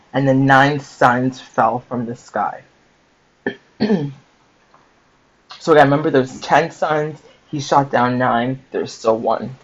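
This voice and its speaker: Man, reading a book aloud, casual commentary, thinks out loud, mid pitch, slightly muffled lo-fi recording. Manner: conversational, checks in with "okay?" and "right?", thinks aloud. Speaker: book-sharing host.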